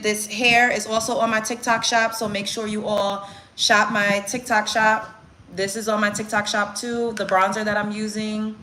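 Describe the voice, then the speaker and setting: A woman in her twenties giving relationship advice in a casual get-ready-with-me stream, stressing points by repeating them. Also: medium pitch. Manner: emphatic, repeats phrases for stress. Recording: echoey room with faint hiss.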